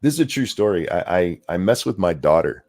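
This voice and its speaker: A man's voice: sits low, lively intonation, a little fast, a little mellow. A middle-aged man co-hosting a live political reaction stream, talking in a loose, jokey, often profane way. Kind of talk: casual live reaction chat.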